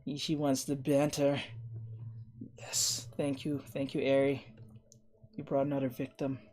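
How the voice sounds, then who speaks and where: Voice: mid-range voice, completely flat delivery, unhurried, darkish tone. An art streamer in casual livestream chat while drawing, teasing viewers playfully and talking through each sketching step.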